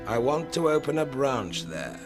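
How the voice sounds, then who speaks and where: A man's voice: medium pitch, sing-song, moderate pace, over music, natural voice. A man voicing a smug, scheming business boss with a cold, menacing manner in a comedy sketch. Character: scheming male chain-store boss, villainous.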